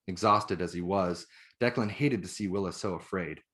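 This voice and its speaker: A man, the author, reading his own novel aloud in measured, even narration. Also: low voice.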